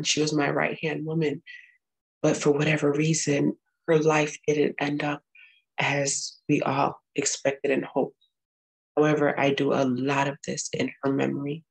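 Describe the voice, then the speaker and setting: A show host addresses her viewers on a live stream in a low, monotone voice at a moderate pace, with vocal fry and a breathy edge. She speaks earnestly and urgently, often repeating herself. The recording quality is poor.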